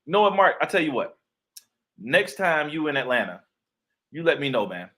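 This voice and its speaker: A man's voice: a little high, very animated, normal speed, bright, forceful tone. A young adult man in a casual interview, telling playful stories and acting out the voices of the people in them. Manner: playful storyteller, acts out quoted voices. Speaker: guest author and actor.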